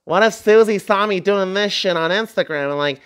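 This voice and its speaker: A man's voice: high voice, normal speed, fairly bright tone, clear, resonant tone. A man mimicking his anxious younger self, whiny and worried, full of "like". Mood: fretting. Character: anxious young man fretting over a coworker.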